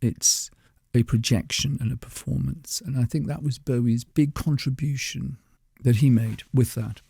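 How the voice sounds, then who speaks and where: A man's voice: mid-range voice, steady tone, normal speed, gravelly, warm tone, husky, no echo, clean studio sound. An older man telling stories as a guest on a radio show, chatty and laughing often. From England. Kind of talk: anecdotal radio conversation.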